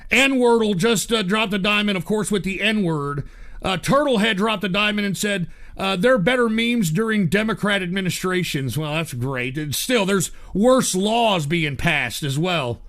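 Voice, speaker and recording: A man ranting on a livestream in a high, bright, sharp voice. He swears constantly and mocks viewers and public figures as he goes. His delivery is heated and scornful throughout. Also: animated, normal speed. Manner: profane, heated and mocking, reads viewer donations aloud. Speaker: livestream host. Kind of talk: angry political rant.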